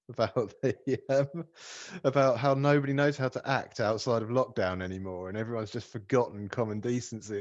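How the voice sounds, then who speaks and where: A man's voice: mid-range voice, steady tone, moderate pace, no room sound. Dry, slightly dull podcast guy. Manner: easygoing banter, calls people mate, chuckles. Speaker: podcast co-host. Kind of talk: casual podcast chat.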